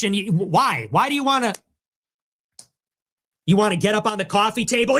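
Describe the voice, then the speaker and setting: A man in a played stream clip, talking in a sarcastic, mocking way and jumping into high voices to mimic others. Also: animated, normal speed, pauses often, a bit bright. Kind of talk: live-stream monologue.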